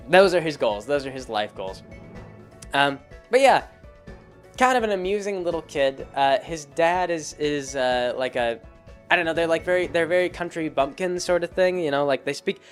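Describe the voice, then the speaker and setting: A man's voice: on the high side, lively intonation, moderate pace, faint music behind. A man hosting a casual spoken commentary, rambling along with many fillers and restarts. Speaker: host.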